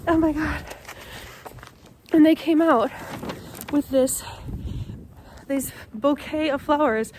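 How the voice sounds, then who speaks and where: A high-voiced woman in her late twenties talks into a phone held at arm's length, sick and stuffy behind a mask. She gushes with repeated exclamations, overwhelmed and close to tears. Background noise hisses under her voice outdoors at night. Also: slow, long pauses, darkish tone. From Chicago, USA. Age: late 20s. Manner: emotional, gushing, repeated exclamations. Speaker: vlogger, departing English teacher. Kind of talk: handheld vlog talking to camera. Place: school grounds at night, partly outdoors.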